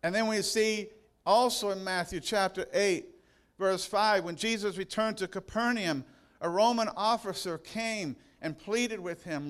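Male pastor, sermon in church, high voice, emphatic, slow stressed words, playful asides. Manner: emphatic, drawn-out stresses, retells scripture with humor.

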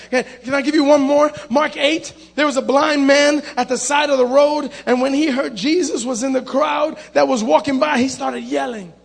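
High husky preacher calling out to a congregation. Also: male voice. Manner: animated, acts out voices, calls to the congregation. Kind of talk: sermon.

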